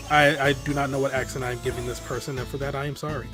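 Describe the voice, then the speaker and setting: A man's voice: medium pitch, flat delivery, very fast, few pauses, music in the background. A man giving casual, self-deprecating asides while playing a game, sometimes swearing. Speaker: let's play host. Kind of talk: casual gameplay commentary.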